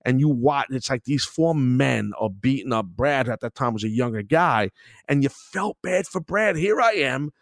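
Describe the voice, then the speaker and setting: A middle-aged man hosting his own podcast in casual solo chat, rambling, swearing and getting excited as he goes. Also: mid-range voice, normal speed, vocal fry, no echo, clean studio sound. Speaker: podcast host.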